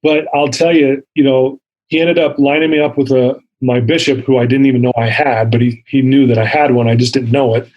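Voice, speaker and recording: A man's voice: mid-range voice, steady tone, fairly quick, muffled recording. A man, telling his personal story earnestly as an interview guest. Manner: earnest, vivid retelling with acted-out quotes.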